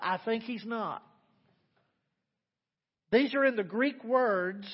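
A male pastor delivers a sermon in a fairly high voice, pushing phrases out loudly and then dropping to quiet, personal asides. His voice carries a long, ringing reverb from a large church space. The recording itself sounds somewhat dull and muffled. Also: unhurried, pauses often. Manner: emphatic preaching, swinging between loud declarations and quiet asides.

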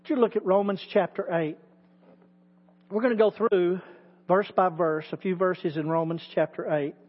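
High-voiced preaching pastor, echoing sanctuary. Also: male voice, fairly even intonation, normal speed. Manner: preaching with rising emphatic repetition. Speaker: teaching pastor. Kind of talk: sermon. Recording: muffled audio with long hall reverb.

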